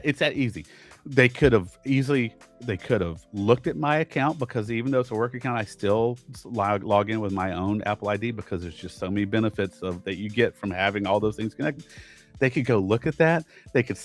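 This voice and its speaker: A man co-hosting a podcast, telling a frustrating story in casual chat, animated and exasperated, often restarting his sentences. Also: medium pitch. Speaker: podcast co-host.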